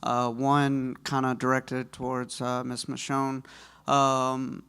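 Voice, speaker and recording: Male fan at a mic, clear smooth voice, polite and halting. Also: mid-range voice, completely flat delivery, a bit bright. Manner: polite, halting, many uhs. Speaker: audience member asking questions. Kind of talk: fan question at a panel. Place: convention hall audience.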